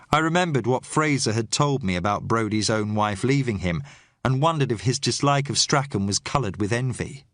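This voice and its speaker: Lively male audiobook narrator. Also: medium pitch, fairly quick, no room sound, studio quality. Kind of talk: first-person novel narration.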